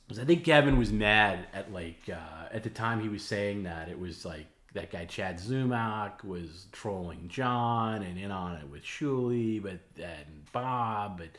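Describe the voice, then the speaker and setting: Low-voiced rambling male host. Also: animated, a little slow, hardly any pauses, fairly bright tone, echoey room. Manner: rambling, heavy with filler words and restarts. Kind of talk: casual late-night stream chat.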